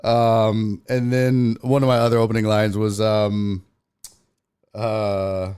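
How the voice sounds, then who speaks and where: A man's voice: takes it slowly, clean tone. A man hosting a sports podcast livestream, chatting loosely with viewers, cursing freely and greeting them by name. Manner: loose, profane, shouts out chat viewers by name; lively, jumpy pitch when retelling. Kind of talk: casual livestream chat.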